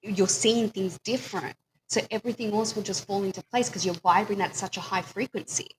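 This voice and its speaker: A woman's voice: medium pitch, a little fast, slight background noise, rough recording. A woman co-hosting a radio talk show, asking short probing questions and then explaining her own view. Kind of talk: casual spiritual talk.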